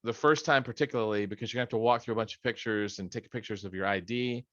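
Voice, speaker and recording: A man's voice: fairly low pitch, fast talker, a bit bright, dry recording, muffled recording. A middle-aged man leading a study session on a video call from his home office, in a casual, rambling way with joking asides. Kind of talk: casual training talk.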